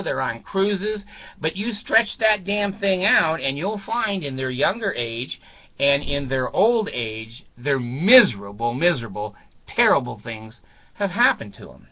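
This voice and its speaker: A man's voice: a little high, sharp tone, lo-fi sound. An older man chatting casually to viewers in a rambling way, chuckling and swearing freely. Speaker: vlogger.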